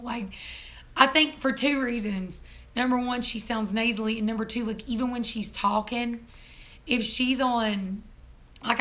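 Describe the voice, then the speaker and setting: A hoarse woman, hosting a casual live-stream chat, chatty and quick to laugh. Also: fairly high pitch, bright, forceful tone. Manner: chatty, laughs often, teasing. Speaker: vlog host.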